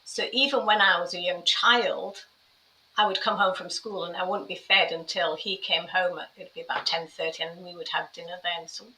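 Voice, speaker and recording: Middle aged woman talking about her past, quick and animated, echoey room, faint background hum. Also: lowish voice, recorded from a distance. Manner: animated, quick when recounting scenes. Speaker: interview guest, carer. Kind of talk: personal storytelling in conversation. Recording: roomy echo, voice a bit off-mic.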